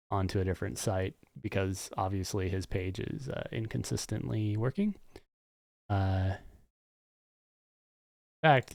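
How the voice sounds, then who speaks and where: Low, gravelly man thinking aloud. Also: a little mellow, dry recording, clean studio sound. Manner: casual, muttering asides and fillers. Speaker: streamer and game developer. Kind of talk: live coding stream, thinking aloud.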